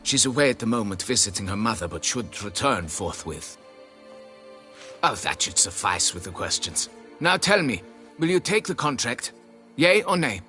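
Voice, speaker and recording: Snooty noble vineyard owner, bright forceful voice that swoops all over, faint game music. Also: male voice, medium pitch, big pitch swings, normal speed. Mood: dismissive. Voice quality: pompous, condescending, theatrical. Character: pompous aristocrat vineyard owner, haughty. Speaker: nobleman quest giver. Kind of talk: video game voice acting.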